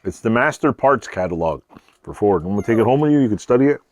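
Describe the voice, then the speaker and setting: His lowish voice is expressive and a little mellow, moving at a quick pace. In his home garage workshop, the middle-aged channel host casually chats and jokes with his daughter, laid-back and frequently laughing.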